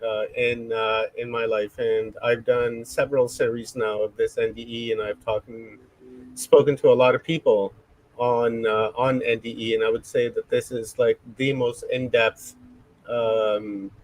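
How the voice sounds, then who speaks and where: A male host responding to his guest, speaking hesitantly and filling pauses with "uh". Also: mid-range voice, flat delivery, poor audio. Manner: slow and hesitant, with many fillers. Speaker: interview host. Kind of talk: interview reaction.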